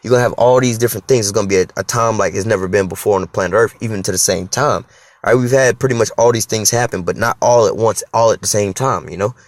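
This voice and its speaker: A man with a lowish voice preaches on scripture at a quick pace, informal and emphatic in a profane street style. He keeps checking in with "all right?" and "you know?". There's no echo on the recording.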